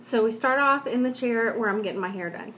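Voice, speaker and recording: A woman's voice: fairly high pitch, fairly quick, bright, forceful tone, slight background noise. A woman vlogger chatting casually and telling a personal story in a rambling, self-deprecating way.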